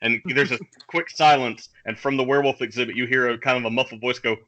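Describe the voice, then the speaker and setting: A man playing in a tabletop game, narrating his character's actions in an animated way. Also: medium pitch, fast talker, a little hiss or hum, low-quality recording. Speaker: player. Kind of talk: casual tabletop game talk.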